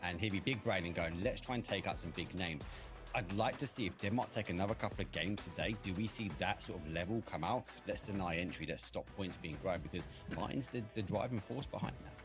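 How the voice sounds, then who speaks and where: A man on a live esports panel, telling stories in a lively, jokey way. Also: deep voice, fast, few pauses, over music.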